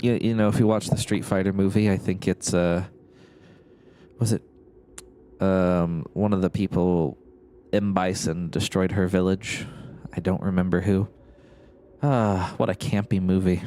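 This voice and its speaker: A man's voice: sits low, steady tone, unhurried, dark tone, slight background noise. A man narrating his gameplay in a rambling, musing way, often correcting himself with chuckling asides. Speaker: let's-play host.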